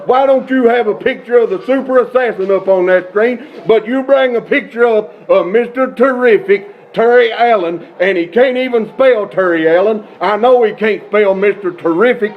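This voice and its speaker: A man's voice: sits high, moderate pace, few pauses, narrow, tinny audio. A man being interviewed as a wrestler, talking in a brash, hyped wrestling-promo style.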